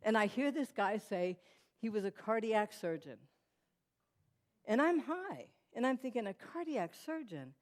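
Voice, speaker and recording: A woman giving a personal testimony to a church audience, telling her story lively, acting out what people said and turning to the room with asides. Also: a little high, unhurried, pauses often. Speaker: guest speaker. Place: church hall.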